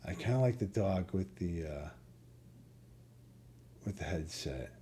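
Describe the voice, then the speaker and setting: Man, gameplay commentary, mellow warm voice, relaxed, thinking aloud. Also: sits low, measured pace, slight background noise. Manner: relaxed, musing to himself. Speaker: gamer playing through a game.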